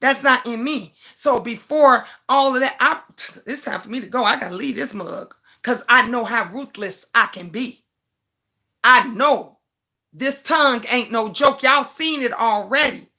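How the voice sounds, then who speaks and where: A woman's voice: fairly high pitch, a little slow, bright, forceful tone. Brassy, emphatic older woman host. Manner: blunt, emphatic, repeats words, reads viewer comments. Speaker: livestream host. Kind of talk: casual livestream talk.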